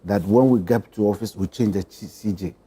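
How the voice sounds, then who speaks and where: A man speaking as a political panelist, choosing formal words with deliberate pauses. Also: fairly low pitch, dark tone, breathy edge. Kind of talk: panel discussion.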